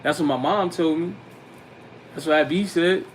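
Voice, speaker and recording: Slangy man teaching a class, higher voice. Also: normal speed, a little hiss or hum, rough recording. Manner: colloquial, slangy, addresses youths directly; recites Arabic phrases between English explanations. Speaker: religious teacher. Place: classroom with young students.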